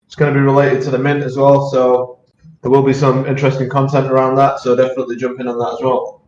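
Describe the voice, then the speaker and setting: A man's voice: mid-range voice, monotone, fast, darkish tone, dull audio, slight background noise. A man with a British accent hosting a casual community chat, talkative, with many restarts and easy laughs. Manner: chatty, repeats words, laughs easily. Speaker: project team member hosting community AMA. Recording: echoey voice chat.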